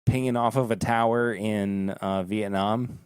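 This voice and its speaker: A man hosting a podcast in casual, joking chat, rambling and halting. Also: on the low side, steady tone, clear, resonant tone, no room sound, studio quality. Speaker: podcast host.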